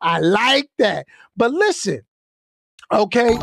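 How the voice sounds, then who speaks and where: A man giving live-stream commentary in an animated way, stopping often to add "okay?" and "all right?" for emphasis. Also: high-pitched, slow pace, no echo, faint music behind.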